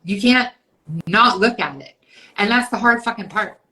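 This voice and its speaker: A woman in her fifties co-hosting a casual podcast chat, talking bluntly and emphatically, swearing freely and acting out inner voices in quick asides. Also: mid-range voice, lively intonation, pushed and bright, low-quality recording. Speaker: podcast co-host.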